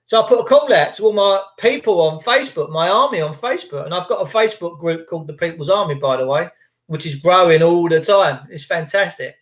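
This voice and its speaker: A man's voice: fairly high pitch, expressive, a little fast, a bit bright. A middle-aged man, telling defiant stories in casual monologue and acting out the phone calls he quotes.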